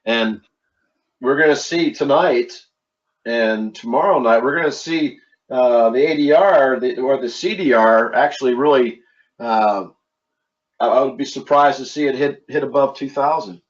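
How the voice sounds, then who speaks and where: A middle-aged man from Philadelphia hosting a casual trading webinar, talking in a halting way with many repeated words and fillers. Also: mid-range voice. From East Coast of the United States, Philadelphia. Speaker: webinar host and trading instructor. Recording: dull lo-fi online audio.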